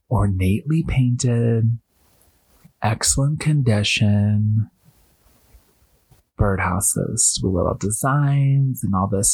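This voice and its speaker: A man hosting a podcast, telling a story in an animated way, acting out what people said and filling his talk with "like". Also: on the low side, husky, dry recording. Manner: animated, acts out quotes, heavy use of "like". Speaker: podcast host. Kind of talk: storytelling monologue.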